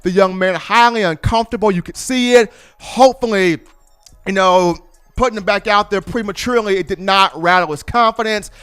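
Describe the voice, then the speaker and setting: Casting: male commentator, high-pitched, smooth, clear voice, lively storyteller. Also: a little fast, faint music behind. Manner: animated storyteller, colloquial. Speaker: sports commentator. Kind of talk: casual sports commentary.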